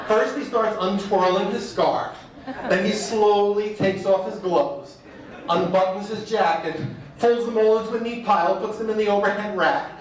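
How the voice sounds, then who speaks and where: Man, high voice, wry comic storyteller, recorded far off in a very echoey room. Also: moderate pace. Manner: wry, animated storytelling with mock quotes. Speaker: speaker. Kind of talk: stand-up style speech.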